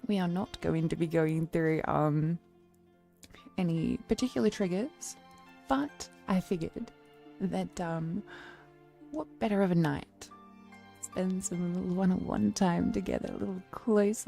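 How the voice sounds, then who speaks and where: A woman hosting a relaxed late-night chat stream, talking playfully, flirtatiously and theatrically in a demon-queen persona, close to the microphone. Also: lowish voice, measured pace, vocal fry. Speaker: streamer hosting her own channel. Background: faint background music.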